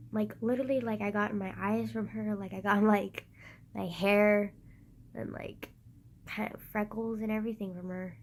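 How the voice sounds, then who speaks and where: A squeaky-voiced woman with a sick, slightly husky edge, talking to her phone's front camera. She rambles loud and giggly in a mid-range voice, swears freely, and mocks herself. Faint hiss sits under her voice. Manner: loud, giggly, swears a lot, self-mocking. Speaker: vlogger. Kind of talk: rambling casual chat to camera.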